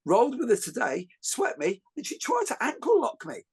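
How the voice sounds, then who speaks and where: A middle-aged man, hosting a podcast and telling jokey stories in a lively, rambling way with many fillers and restarts. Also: very high voice, moderate pace, gravelly, breathy edge. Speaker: podcast host. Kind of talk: casual podcast conversation.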